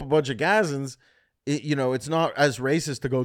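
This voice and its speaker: A man's voice: medium pitch, brisk. Blunt, profane man ranting on his show. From Canada. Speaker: comedian host. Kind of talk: solo podcast rant.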